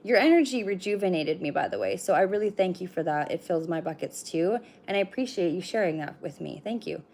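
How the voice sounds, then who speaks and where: In a lowish, slightly mellow voice, a middle-aged livestream oracle card reader talks animatedly, a little fast and with few pauses. Her casual reading is chatty, peppered with the odd swear, and aimed straight at her viewers.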